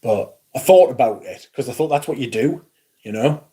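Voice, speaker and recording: A man's voice: mid-range voice, animated, moderate pace, dark tone, slightly rough. A man around forty with a Geordie accent, hosting a casual livestream and reading out chat comments in a blunt, sweary, dryly sarcastic way. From Newcastle, England. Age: 40s. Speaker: livestream host.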